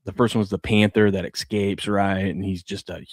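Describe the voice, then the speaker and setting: His lowish voice is flat in delivery and normal in speed, with no echo. This thirtysomething co-host of a sports talk show chats casually, laughing as he tells family stories and doing impressions of his kids.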